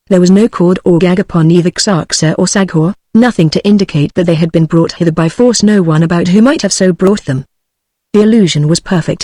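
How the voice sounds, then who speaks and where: A text-to-speech voice of a British woman reading a novel aloud in first person, with a steady machine cadence. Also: on the low side, dry recording. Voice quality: synthetic, even machine cadence. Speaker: audiobook narrator.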